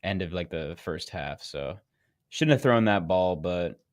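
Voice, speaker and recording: Super deep-voiced dude, chill and drawly, talking sports, no room sound at all. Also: male voice, lively intonation, measured pace, dry recording, clean studio sound. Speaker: podcast co-host. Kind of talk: casual sports chat.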